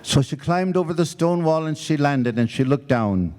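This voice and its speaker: A man telling humorous old-country folk stories in an unhurried way. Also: a little high, lively intonation, darkish tone. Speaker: storyteller. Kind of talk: folk storytelling.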